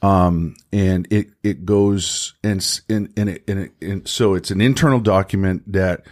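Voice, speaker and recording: A man co-hosting a faith podcast, talking slowly and haltingly, restarting his sentences as he works through his thoughts. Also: low-pitched, fairly even intonation, a little mellow. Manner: halting, restarts often, thinking aloud. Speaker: podcast co-host. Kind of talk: casual faith discussion.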